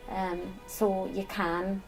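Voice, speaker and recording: A woman's voice: medium pitch, level tone, takes it slowly, faint music behind, rough recording. A middle-aged woman, a palliative care nurse talking candidly about her work in a documentary interview. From Northeast England. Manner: warm, candid, emotional at times. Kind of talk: documentary interview, personal storytelling.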